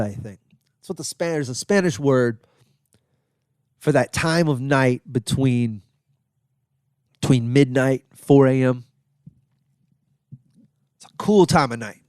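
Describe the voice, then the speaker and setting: A man telling a long travel story as a comedian and podcast host, in a loose, animated way. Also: mid-range voice, no room sound, clean studio sound.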